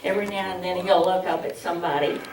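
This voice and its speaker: A woman presenting a public speaking workshop, slow, humorous and instructive, heard from a distance in an echoey hall. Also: lowish voice, fairly even intonation, darkish tone. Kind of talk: public speaking training demo. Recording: distant mic in an echoey hall, faint hiss.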